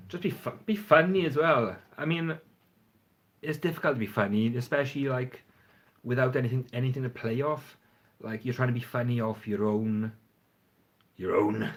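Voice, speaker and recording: A man chatting casually and frankly on a phone livestream, rambling and swearing now and then. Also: medium pitch. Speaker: fragrance reviewer. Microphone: phone front camera.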